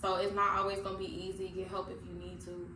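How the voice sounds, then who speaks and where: A woman co-hosting a podcast in casual, candid chat, laughing often and getting loud when excited. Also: medium pitch, fast. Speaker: podcast co-host. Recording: echoey room, mic far off, noisy.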